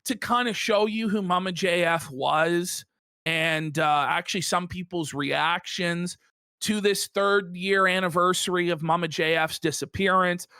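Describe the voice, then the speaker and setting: A man hosting a livestreamed talk show, chatting crudely and excitedly, often laughing and shouting in imitation of others. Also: high voice, measured pace, clean tone, dry recording, studio quality. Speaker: podcast host. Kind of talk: crude comedic stream banter.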